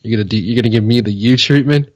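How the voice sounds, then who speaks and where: Male podcast co-host, husky low voice, deadpan, dry sound. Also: rapid-fire, dry recording. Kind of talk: casual podcast banter.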